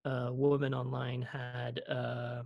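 A man co-hosting a relaxed home podcast, wandering through his points with plenty of fillers. His voice sits at a middling pitch with a gravelly, crackly edge. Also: slow pace, muffled recording. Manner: rambling, lots of fillers. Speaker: podcast co-host. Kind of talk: casual chat.

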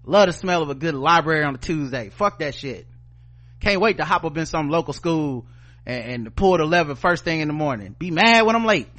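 His voice a little high, fairly quick and fairly bright, a Southern US man co-hosts a podcast. The talk is a profane opinion rant, heated and sarcastic, with frequent swearing and news read aloud.

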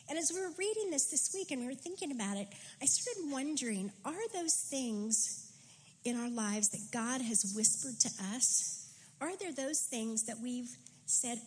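Woman, preacher, scripture reading, earnest, reflective, fairly high voice. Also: poor audio.

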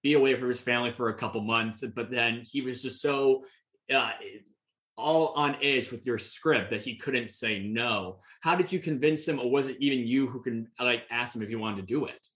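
A man's voice: mid-range voice, moderate pace, fairly bright tone. A man hosting an interview, chatty and eager, often restarting his questions. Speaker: podcast host. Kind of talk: casual interview chat. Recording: echoey room.

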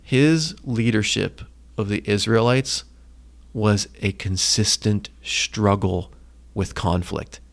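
A man co-hosting a casual faith podcast, retelling stories with lively acted-out quotes. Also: fairly low pitch, slow, gravelly. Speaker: podcast co-host.

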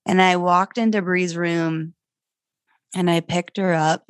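A woman's voice: fairly low pitch, flat delivery, measured pace, smooth, no room sound, studio quality. A middle-aged woman speaking candidly and animatedly as she tells a personal parenting story, her voice climbing sharply when she gets worked up. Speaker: guest, foster mother.

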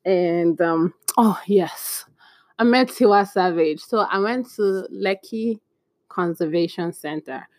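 A woman's voice: on the low side, a little slow, no room sound. Chatty woman telling stories, dry sound. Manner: chatty and animated, laughs at her own stories. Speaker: vlogger. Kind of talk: casual storytelling vlog.

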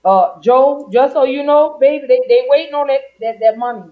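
A woman's voice: high voice, normal speed. Playful woman podcast host, lo-fi. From Louisiana. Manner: playful, sings out greetings. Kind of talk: casual chat. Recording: dull lo-fi sound.

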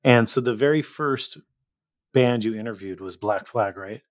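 A man's voice: medium pitch, normal speed, no echo, studio quality. A man hosting a podcast, prompting his guest with short questions. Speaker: podcast host. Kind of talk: interview questions.

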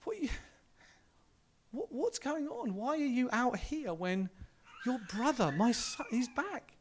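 A man's voice: very high voice, very animated, measured pace, voice pushed up, exaggerated voice. A preacher voicing a loving, generous father who is overjoyed and pleads with his son. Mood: joyful, pleading. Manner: exuberant, pleading.

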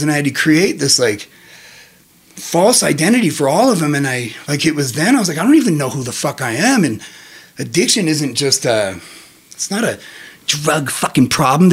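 A man's voice: a little high, breathy edge. A man in his thirties telling profane, laughing stories in casual conversation. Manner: profane, laughing, animated storyteller. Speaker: podcast guest. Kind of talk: storytelling in casual chat.

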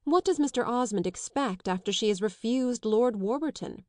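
A woman reading the part of an eager, anxious young gentleman in an audiobook, pleading and defiant in turn. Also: a little high, expressive, moderate pace, no room sound, studio quality, close to an everyday voice. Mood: earnest. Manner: pleading, defiant, slightly raised voice.

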